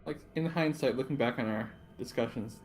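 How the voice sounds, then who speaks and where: Guy player, medium voice, trails off and restarts, faint music. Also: mid-range voice. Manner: halting, restarts sentences. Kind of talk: tabletop role-play chat.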